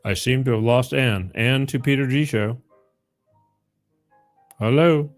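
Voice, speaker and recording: A man's voice: medium pitch, normal speed, faint music behind. A man hosting a live call-in show, talking casually and rambling, often repeating the phone number.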